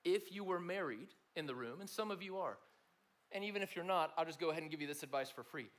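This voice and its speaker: A man's voice: fairly high pitch, quick pace, a bit bright. A man giving a conversational sermon to a room of students, talking to them directly. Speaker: speaker at a student gathering.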